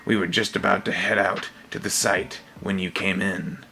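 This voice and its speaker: Polite nervous butler guy, read by a man, formal, lowish voice. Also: level tone, normal speed, creaky, bright, forceful tone, exaggerated voice. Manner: formal, courteous.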